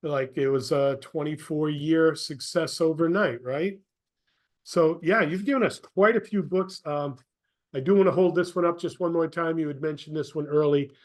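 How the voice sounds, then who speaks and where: A man's voice: fairly high pitch, normal speed. A man hosting a podcast interview, emphatic, stressing points by repeating phrases. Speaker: podcast host. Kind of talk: casual interview talk.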